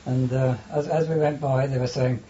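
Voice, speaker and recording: Older male interviewee, mellow voice, hesitant delivery, dull lo-fi tape. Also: mid-range voice, fairly even intonation. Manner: halting, hesitant with many restarts and fillers. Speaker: interviewee, former prisoner of war. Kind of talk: oral history interview.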